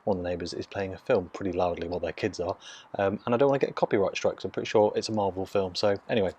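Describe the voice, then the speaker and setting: A man, from Nottingham, casually reviewing a beer in hushed, half-whispered tones, recorded on a phone mic out in his garden. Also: low-pitched, steady tone, racing, breathy edge, highs cut off. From Nottingham, England. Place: outdoors in a home garden.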